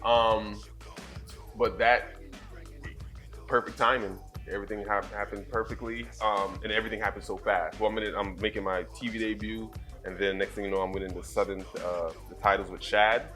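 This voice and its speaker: A man's voice: fairly low pitch, normal speed, soft background music. A man in his thirties, an interview guest telling casual stories and acting out quoted dialogue. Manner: animated storyteller who acts out quoted dialogue. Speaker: interview guest, former wrestler. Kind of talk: casual shoot interview storytelling.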